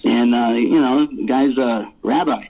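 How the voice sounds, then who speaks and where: A man's voice: medium pitch, unhurried, vocal fry, a little hiss or hum. A male rock singer telling rambling stories in a casual interview, laughing often and swearing freely. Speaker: rock vocalist guest. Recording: tinny phone line.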